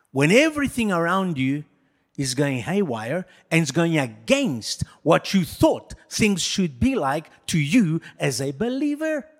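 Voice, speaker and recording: Man preaching, high voice, very animated, joking with the congregation, long hall echo. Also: a little slow. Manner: animated and jokey, addresses the congregation. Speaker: pastor. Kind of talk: sermon.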